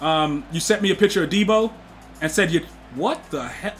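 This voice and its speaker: A young man streaming a football video game, talking slangy trash to his chat and yelling at plays. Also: on the high side, moderate pace, faint music behind. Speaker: gaming streamer. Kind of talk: live game stream commentary.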